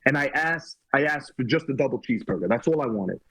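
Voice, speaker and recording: Swearing Puerto Rican comedian, slightly husky. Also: male voice, mid-range voice, fast, no echo, rough recording. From Puerto Rico. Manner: animated storyteller, swears often. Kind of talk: casual podcast chat.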